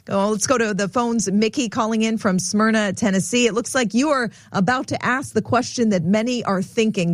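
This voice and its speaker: A woman co-host on a radio show announces the phone number and callers in a bright, upbeat way. Her voice is clear and dry. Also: medium pitch, no echo.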